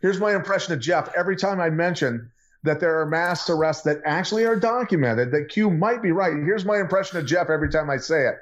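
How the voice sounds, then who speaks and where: A combative man in a casual podcast debate keeps hammering the same point. His fairly high voice comes through a slightly dull remote connection. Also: expressive, quick pace. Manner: combative, repeats jabs, needling. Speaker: podcast co-host. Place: remote from the others.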